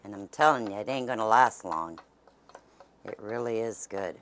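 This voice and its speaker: A woman's voice: rumbling low, moderate pace, a little hiss or hum. A woman hosting a cooking video, chatting in a folksy way as she bakes and sometimes dropping to a near whisper. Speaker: cooking channel host. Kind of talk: casual cooking demonstration. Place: home kitchen.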